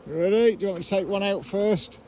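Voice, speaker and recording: A joking man with a Black Country accent, slightly higher voice, chatting casually while working on a bee removal. His voice carries outdoor noise and buzzing bees in the background. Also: fast talker, warm tone. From Black Country, England. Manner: jokey, banters with slang.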